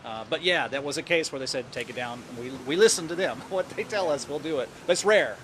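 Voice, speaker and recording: A man's voice: fairly high pitch, animated, fast talker, a bit bright. A man with a Southern US accent, a guest chatting casually about his work as a news editor, rambling and repeating words as he thinks. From southern United States. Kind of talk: casual interview chat. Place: Indian restaurant. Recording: noisy restaurant recording.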